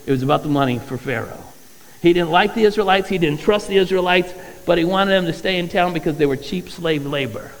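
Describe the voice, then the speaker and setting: A man's voice: sits high, brisk. A man preaching a sermon as pastor, talking conversationally and reading scripture aloud in a church. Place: church sanctuary. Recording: long hall reverb.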